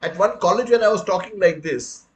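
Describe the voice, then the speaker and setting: An older Indian man with a slightly high voice gives an earnest public lecture. He stresses key points emphatically and addresses his listeners as friends, in an Indian English accent. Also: fairly quick, low-quality recording. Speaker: speaker on the right to information, retired commissioner.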